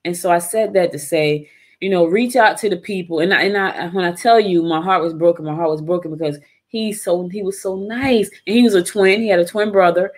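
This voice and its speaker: A woman's voice: lowish voice, fairly quick. A woman hosting a live show in casual chat, talking straight to her listeners and repeating her points. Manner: chatty, repeats phrases, addresses listeners as y'all. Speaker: host.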